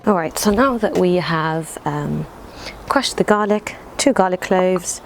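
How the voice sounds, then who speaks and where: A woman's voice: a little slow, music in the background. A young woman from Palestine, hosting a casual vegan cooking video and telling stories with giggles. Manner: chatty, giggly, acts out relatives in high voices. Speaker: vegan cooking channel host. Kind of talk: casual cooking tutorial and storytelling.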